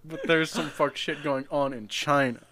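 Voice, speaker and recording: A man's voice: on the high side, steady tone, pushed and bright. A man co-hosting a casual chat, cracking jokes and swearing freely. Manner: joking, profane, quick quips. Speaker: podcast co-host.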